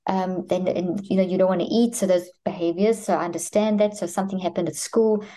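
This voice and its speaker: A woman with a lowish, mellow voice, speaking as a guest expert in an interview. She lays out her method in order, step by step, and slips into short exchanges between parent and child. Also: steady tone, brisk. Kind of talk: explanatory interview answers.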